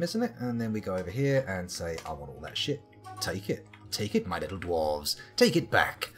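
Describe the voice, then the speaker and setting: Streaming gameplay live, a man from the UK reads out combat logs with dry, swearing commentary. His voice is mid-range and slightly rough, over faint background guitar.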